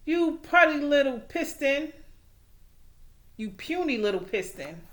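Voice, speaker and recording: A woman voicing a mean, hungry male monster truck in a storybook, talking gruffly with a sly, roaring edge. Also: high-pitched, big pitch swings, slow pace, fairly bright tone, a little hiss or hum, heavily acted. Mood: menacing.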